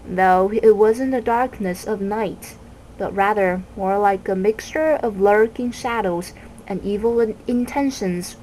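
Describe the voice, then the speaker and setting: A woman reading a children's novel aloud in a slow, measured way, with small restarts. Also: medium pitch, a little mellow, slight background noise, rough recording. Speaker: reader.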